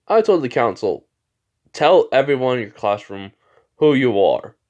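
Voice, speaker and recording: A man voicing a calm, authoritative old male village leader in a homemade fan story, explaining in a measured way. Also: medium pitch, muffled recording. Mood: solemn.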